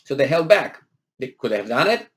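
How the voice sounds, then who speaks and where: A political commentator reacts to a news article at a moderate pace, his pitch swinging widely and jumping on emphatic words. He argues through rhetorical questions and sarcastic asides, hesitating often.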